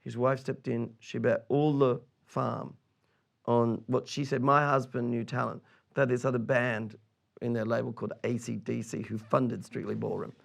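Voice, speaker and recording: A man and film director, a guest in an interview, telling anecdotes on stage in a lively, animated way with frequent laughs. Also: medium pitch, moderate pace, vocal fry. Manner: lively, laughing, full of restarts.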